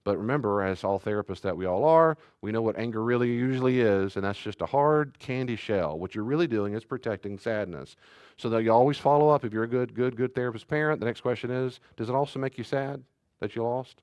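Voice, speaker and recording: A man's voice: medium pitch, quick pace, darkish tone, smooth, no echo. A pastor giving a conversational sermon, acting out short exchanges between parents and children and sometimes raising his voice for emphasis.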